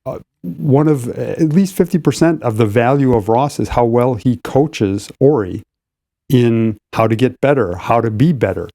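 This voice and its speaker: An older man, co-host and racing competition director, explaining race strategy in a measured, casual way. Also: mid-range voice, gravelly, dark tone, dry recording, studio quality. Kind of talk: casual podcast chat.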